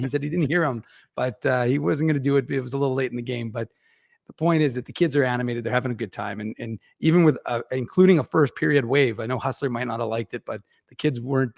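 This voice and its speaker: Rambling hockey-pod regular, male, gravelly, dry close mic. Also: mid-range voice, fast talker, no room sound. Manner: rambling, chatty, many fillers and restarts. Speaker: regular podcast contributor reporting on the Moose. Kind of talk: casual hockey podcast chat.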